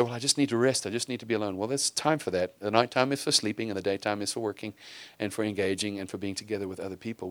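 Low-voiced guy preaching, earnest, gets emphatic, close dry sound. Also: a bit bright, no room sound. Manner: earnest, rising to emphatic bursts, with frequent restarts. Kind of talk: sermon.

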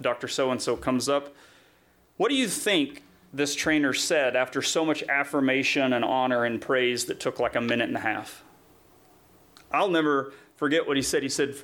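A middle-aged man preaching a sermon, telling a story in a chatty way and then reading scripture slowly and solemnly. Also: medium pitch, fairly bright tone. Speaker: pastor.

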